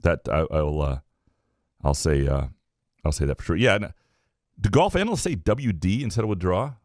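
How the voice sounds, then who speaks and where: A man co-hosting a casual sports podcast, talking things through in a measured, hedging way. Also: low-pitched, lively intonation, a little mellow, dry recording, studio quality. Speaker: podcast co-host.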